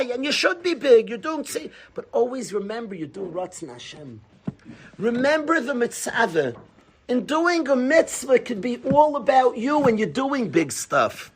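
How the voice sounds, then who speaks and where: A man giving an animated Torah class. He talks emphatically, repeats key phrases and asks rhetorical questions. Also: extremely high pitch, a little slow, breathy edge.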